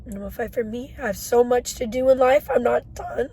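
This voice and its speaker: A woman in her twenties talking in a personal video diary, halting and emotional, with many pauses. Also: fairly high pitch, dark tone, husky, rough recording. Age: 20s. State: shaky. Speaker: vlogger.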